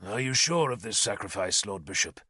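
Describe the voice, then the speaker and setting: A man doing a cold, low-voiced warlord. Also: lively intonation, breathy edge, no room sound, studio quality, full character voice. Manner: quiet, measured, menacing. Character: stern commanding male warlord, calm and cold. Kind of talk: audiobook character voice.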